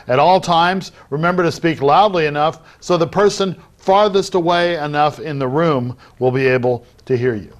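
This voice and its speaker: A middle-aged man giving a recorded lecture on public speaking, acting out loud, soft, fast and slow delivery as he explains it. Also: on the high side. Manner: demonstrates vocal techniques while teaching, varying loudness and pace. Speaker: debate lecturer.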